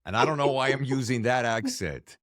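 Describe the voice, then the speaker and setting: A man's voice: medium pitch, lively intonation, brisk, no echo, clean studio sound. A man hosting an interview podcast, chatting casually in a jokey, enthusiastic way. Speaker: podcast host.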